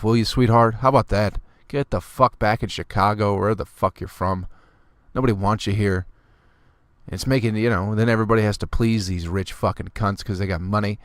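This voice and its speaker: A man with a low voice rants through a solo comedy podcast, swearing constantly and sounding fed up. He drops into a snooty clipped mimicry for people who annoy him. The recording is close and dry, with no room sound. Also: lively intonation, normal speed, dry recording. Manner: profane, exasperated, ranting. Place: on tour, recording alone.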